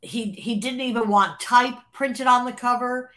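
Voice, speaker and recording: A fairly high-voiced woman tells a story in an interview. She talks in an animated way, acts out the lines of people in her story, and laughs often. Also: measured pace. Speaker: interview guest, former record label creative executive.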